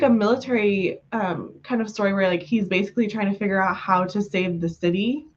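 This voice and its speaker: A woman's voice: mid-range voice, brisk, few pauses, dull audio. A woman from the US West Coast chatting casually with viewers on a livestream, giggly and full of fillers, just over being sick. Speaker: livestream host.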